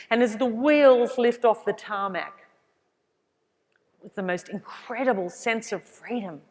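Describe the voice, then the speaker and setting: A middle-aged Australian woman tells her story to a large hall in an animated, expressive way, acting out each voice. Her voice is mid-pitched and carries a long reverb from the room. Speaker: keynote speaker. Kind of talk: inspirational keynote storytelling.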